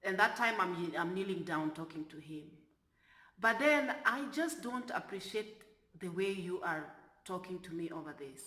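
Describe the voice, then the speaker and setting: A woman, a flight attendant, telling a story from work in an animated way that turns loud when she is exasperated. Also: fairly low pitch, moderate pace, echoey room. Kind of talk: storytelling vlog.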